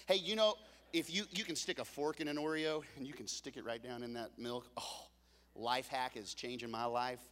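A man preaching a sermon as pastor, telling the story with joking asides and swinging from loud peaks to hushed lows. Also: moderate pace, long reverb tail.

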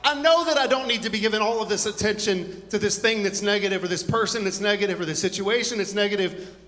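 A man's voice: high voice, fast talker, bright, forceful tone, big-room sound. A man preaching a conversational sermon to a congregation, full of joking asides and rambling stories. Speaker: pastor.

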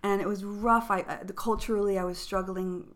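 A woman's voice: medium pitch, steady tone, brisk. Woman in her fifties, podcast co-host, casual chat, storytelling, laughs often. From New York. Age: 50s.

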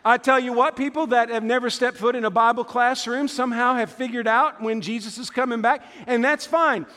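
A man's voice: very high voice, fairly even intonation, a little fast, sharp tone, big-room sound. A man preaching a fervent sermon as a pastor, emphatic and full of rhetorical questions.

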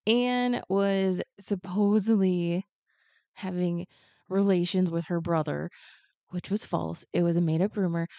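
Animated woman retelling a story, joking. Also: medium pitch, no echo. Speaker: podcast guest. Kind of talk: casual storytelling chat.

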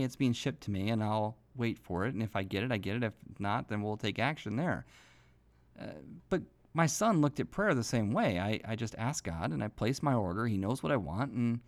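Folksy man telling a faith story. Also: mid-range voice. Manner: folksy, earnest, preacher-like exhortation. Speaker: podcast host. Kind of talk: devotional storytelling.

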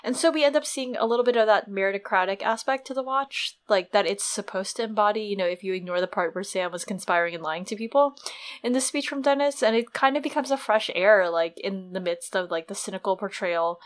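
A woman's voice: mid-range voice, a little fast. A woman co-hosting a podcast, chatting casually and rambling about a book with many fillers. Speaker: podcast co-host.

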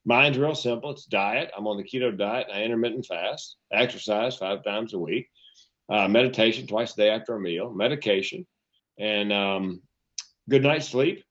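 A comedian and keynote speaker in his fifties trades stories and punchlines in a casual podcast chat, with a self-deprecating manner. His voice is fairly low and fairly bright, his pace is moderate, and the audio is dull and lo-fi.

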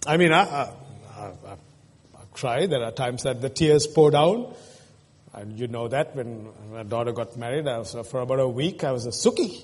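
A man's voice: medium pitch, lively intonation, moderate pace, husky. A man preaching a sermon as pastor, earnest and emotional, asking his congregation questions. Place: church. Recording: long reverb in a church hall.

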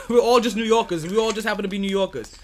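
A man's voice: sits high, fast, noisy background. A man hosting a sports podcast, chatting loosely with his co-hosts, laughing often and swearing freely. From New York. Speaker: podcast host. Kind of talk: casual podcast chat.

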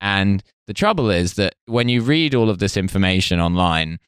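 A man's voice: sits low, expressive, normal speed, clean tone, no echo, studio quality. A man from the UK, co-hosting a comedy chat, telling an exasperated anecdote with swearing and quoted voices. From United Kingdom. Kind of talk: casual comedic storytelling.

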